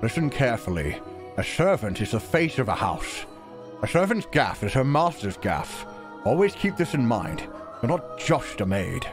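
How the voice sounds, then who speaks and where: A man voicing a stern, eccentric retired old British gentleman with a gruff, clipped, scolding delivery. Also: mid-range voice, big pitch swings, normal speed, over music. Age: older.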